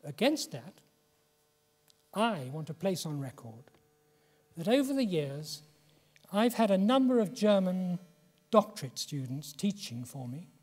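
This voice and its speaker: A man in his seventies from England giving a reflective public lecture, measured and slowing for emphasis. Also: high-pitched, big pitch swings, darkish tone. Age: 70s. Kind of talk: public lecture and poetry reading. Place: lecture hall. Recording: long hall reverb.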